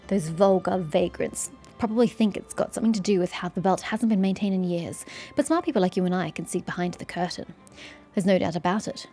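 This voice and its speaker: A woman's voice: medium pitch, darkish tone, lightly acted. A woman voicing a paranoid, conspiracy-minded townsman in a game, insistent and conspiratorial.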